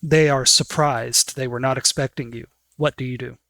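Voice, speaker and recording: A man's voice: medium pitch, steady tone, normal speed, vocal fry, pushed and bright, dry recording. Casual male game master narrating.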